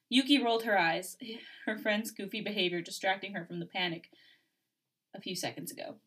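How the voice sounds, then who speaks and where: A woman reading a fan fiction story aloud on a podcast, giving the characters' lines a lively, acted lilt. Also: mid-range voice, a little fast, husky. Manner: lively, acts out dialogue, laughs often.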